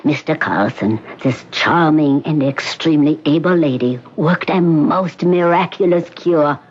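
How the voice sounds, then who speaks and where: An actor playing a formal, cautious hospital doctor who speaks in a measured, precise way, in 1970s radio drama acting. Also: male voice, on the high side. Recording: dull old radio recording, faint hiss.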